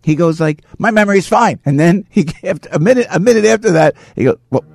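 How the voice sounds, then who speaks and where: Animated, gravelly male radio host. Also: fairly high pitch, fast, dry recording, studio quality. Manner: excitable, rambling, laughs often. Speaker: radio talk show host. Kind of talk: animated opinionated radio talk. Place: radio studio.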